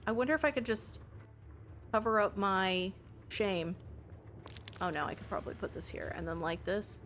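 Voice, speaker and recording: Playing a puzzle game on stream, a young woman keeps up casual chatter with viewers, swearing, laughing plenty, and shrieking when things get tense. She speaks at a moderate pace in a mid-range, fairly bright voice, with slight background noise.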